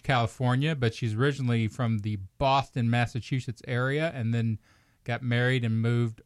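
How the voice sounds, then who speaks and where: A man's voice: mid-range voice, no room sound, studio quality. A man from Kentucky, hosting a casual comedy podcast, teasing his co-hosts and laughing often. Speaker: podcast host.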